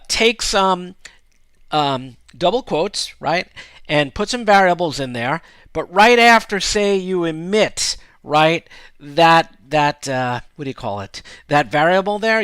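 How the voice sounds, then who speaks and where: Upbeat man teaching code, bright voice. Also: a little high, clear, resonant tone, dry recording. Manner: casual, upbeat, often checks in with "right?" and "okay?". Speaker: programming instructor. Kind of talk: screencast coding tutorial.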